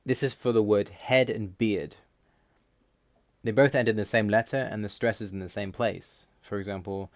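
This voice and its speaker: Man, lower voice, measured voice-over explainer for a language lesson. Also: a little mellow, dry recording, studio quality. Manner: measured, reads out word lists slowly. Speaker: language learner explaining Russian.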